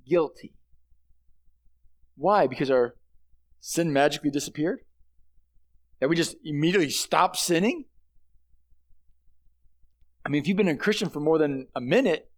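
A high-pitched male pastor delivers a sermon. He keeps it conversational and earnest, and he lands hard on the words he wants to stress.

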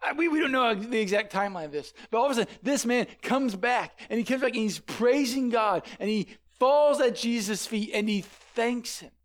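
Male preacher, sermon, animated and conversational, high voice, headset mic. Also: moderate pace, few pauses. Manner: animated, conversational, repeats words when starting sentences. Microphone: headset microphone.

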